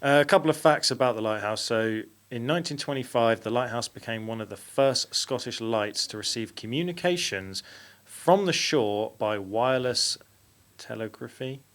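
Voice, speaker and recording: A man's voice: mid-range voice, moderate pace, hardly any pauses, fairly bright tone. A man hosting a podcast, reading out facts and stopping to correct himself. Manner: reads aloud with fillers and self-corrections. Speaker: podcast host. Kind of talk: reading out facts in casual chat.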